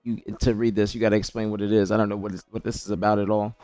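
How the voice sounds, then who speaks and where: A man's voice: fairly low pitch, level tone, racing, mellow, dry recording. A man streaming live, chatting casually and reading viewer messages, rambling and repeating himself as he answers chat. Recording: dry close mic with faint music behind.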